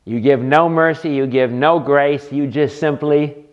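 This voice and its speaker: A man's voice: fairly high pitch, steady tone, a little slow. A man teaching a counseling class as instructor, lecturing and asking the room rhetorical questions. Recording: dull lo-fi lecture recording.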